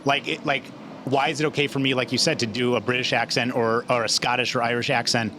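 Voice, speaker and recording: A man's voice: mid-range voice, little pitch movement, quick pace, background noise. A man hosting a podcast, chatting casually with frequent restarts and laughter. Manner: hesitant, many restarts, laughs often. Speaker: podcast host. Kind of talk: casual chat.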